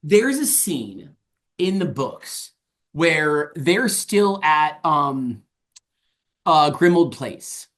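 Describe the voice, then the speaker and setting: A man co-hosting a casual movie podcast, relaxed and hesitant, filling gaps with ums and letting his sentences trail off quietly. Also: on the high side, drawn-out words. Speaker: podcast co-host.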